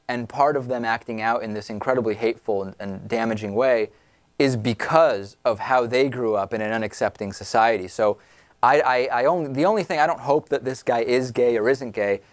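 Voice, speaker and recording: A male talk show host riffs on the news with sarcasm and disbelief, his pitch jumping up when he is outraged. He speaks at an ordinary middle pitch into a close studio mic, and the sound is dry. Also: no room sound. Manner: sarcastic, incredulous, laughs at the news. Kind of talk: political talk show commentary.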